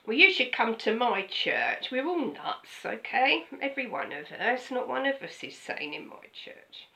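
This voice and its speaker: Older lady pastor, bright voice, swoops up and down a lot, talks like she's chatting to you. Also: on the high side, measured pace, vocal fry, low-quality recording. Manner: chatty, animated, frequent "okay?" asides. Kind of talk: casual sermon.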